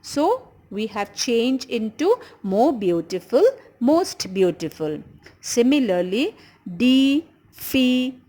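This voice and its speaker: A woman teaching an English grammar lesson with an Indian English accent, explaining patiently and slowly repeating key words. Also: on the high side, very animated, mellow, rough recording.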